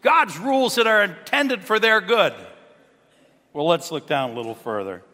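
A man preaching a sermon as pastor, animated and full of rhetorical questions, sometimes dropping to a low murmur. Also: normal speed. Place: church sanctuary. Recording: church hall reverb.

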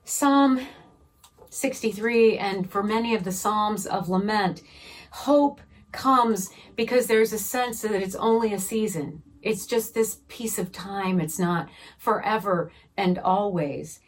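A middle-aged woman pastor, teaching a Bible study gently and unhurriedly and leading softly spoken prayer. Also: mid-range voice, slow pace.

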